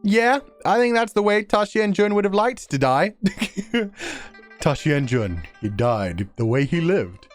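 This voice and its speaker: A man's voice: high voice, big pitch swings, a little slow. Giggly, profane male streamer. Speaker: streamer reading a novel aloud. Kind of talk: casual stream commentary and read-aloud. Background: faint music.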